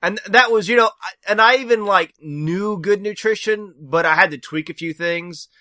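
Bright-voiced podcast host, halting. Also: male voice, sits high, dry recording, studio quality. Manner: halting, many ums and restarts. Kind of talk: casual interview.

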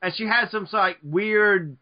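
An American man co-hosting a casual chat, telling an animated story. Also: high voice, normal speed, dull audio.

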